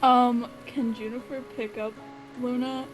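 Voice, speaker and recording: A woman playing in a tabletop role-playing game, casual and unhurried, often saying "like". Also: on the high side, level tone, faint music behind, rough recording. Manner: slow, casual, says "like" often. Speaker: player.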